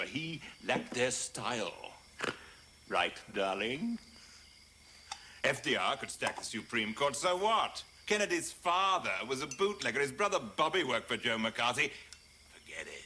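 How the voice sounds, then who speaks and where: A man's voice: mid-range voice, pushed and bright, a little hiss or hum. An actor playing a wealthy dinner host who mocks his guests in a sardonic rant. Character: scornful wealthy male host, bullying and sarcastic. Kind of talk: film drama acting.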